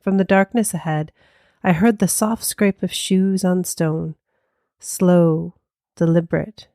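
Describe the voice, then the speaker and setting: A woman co-hosting a paranormal podcast, telling a ghost story in a slow, hushed, dramatic way. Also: fairly low pitch, steady tone, no echo, studio quality.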